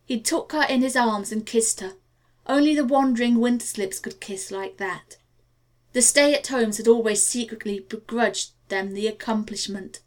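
A woman reading a novel aloud as an audiobook narrator, measured and gently expressive. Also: on the high side. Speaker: audiobook reader. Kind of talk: scripted narration.

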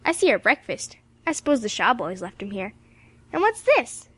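A woman reading an audiobook voices a confident, cheerful teenage boy who takes charge briskly and boasts. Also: a little high, very animated, fairly bright tone, husky, heavily acted.

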